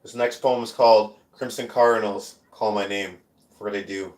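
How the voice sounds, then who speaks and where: A man's voice: lowish voice, steady tone, normal speed, a little mellow. A man performing his spoken word poetry on a live stream, with casual rambling talk between the poems and chanted, repeated lines within them. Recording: roomy echo.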